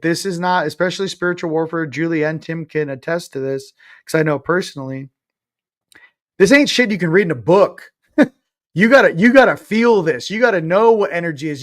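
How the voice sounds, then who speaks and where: A man in his forties, a guest in an interview, talking in a blunt, emphatic, sarcastic way, swearing casually. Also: a little high. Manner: sarcastic, self-mocking. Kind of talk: casual spiritual interview talk.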